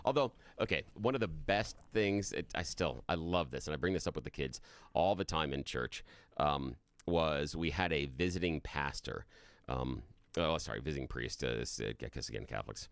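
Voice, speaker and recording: Very deep gravelly radio co-host. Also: male voice, expressive, normal speed, dry recording. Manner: chuckling storyteller. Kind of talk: casual talk radio banter. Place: radio studio. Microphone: studio microphone.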